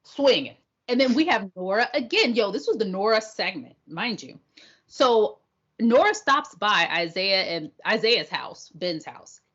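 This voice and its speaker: A woman recaps a show on a podcast with blunt, slangy humor and a lively, swinging delivery. Her voice is a little husky. The audio is muffled and lo-fi. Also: medium pitch, a little slow. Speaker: podcast co-host. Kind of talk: casual review chat.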